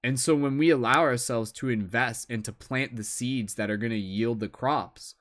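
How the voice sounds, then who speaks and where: A man's voice: medium pitch, normal speed, fairly bright tone. A man giving a live tarot reading, talking in a reflective, earnest way and often filling with "like" and "you know". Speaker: tarot reader.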